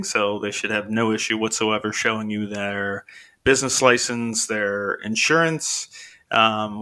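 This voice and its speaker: Man, bright forceful voice, casual, filler-heavy, contractor guest. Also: medium pitch. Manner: informal, many fillers like "you know" and "um". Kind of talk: casual interview answers.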